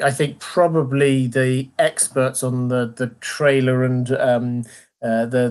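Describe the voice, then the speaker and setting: A man hosting a live stream Q&A. He rambles, fills gaps with ums and uhs, and is gently self-deprecating at a mid pitch. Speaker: host.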